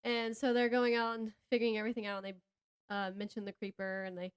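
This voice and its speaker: Rambling Southern woman with a higher voice. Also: fairly even intonation, quick pace, clear, resonant tone. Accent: Southern American. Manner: rambling, self-interrupting, laughs often. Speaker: podcast co-host. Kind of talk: casual chat about books.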